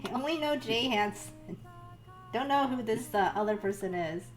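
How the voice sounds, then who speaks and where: A woman's voice: fairly high pitch, expressive, moderate pace. Chatty young woman streaming art. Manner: chatty, laughs often, many ums. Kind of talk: casual stream chat.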